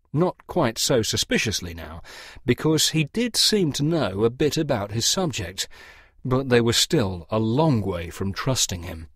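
A man narrating a story as an audiobook in a lively, expressive way. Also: medium pitch, husky, no echo, clean studio sound.

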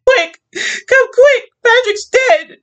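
A man voicing a young housewife in a story reading, raising his voice into a high, sing-song, chirpy tone. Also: very animated, normal speed. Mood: frantic, sobbing. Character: young housewife, outwardly cheerful and sweet.

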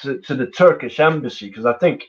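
A mid-range, expressive male voice moves fairly quickly over lo-fi sound. He fronts a punk band and, in a casual storytelling interview over a remote live stream call, recounts road stories with nonstop swearing, rambling, and lots of fillers.

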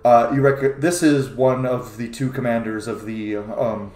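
A man's voice: mid-range voice, fairly even intonation, a little slow, a little mellow, faint music behind. A man narrating as game master in a casual, loose way. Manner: casual, loose, with fillers and laughs. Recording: roomy echo.

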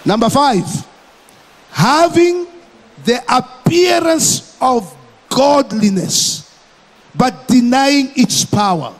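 Male pastor from Malawi, very high voice, slow emphatic sermon delivery, big church reverb. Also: expressive. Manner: emphatic, repeats phrases, slow deliberate preaching.

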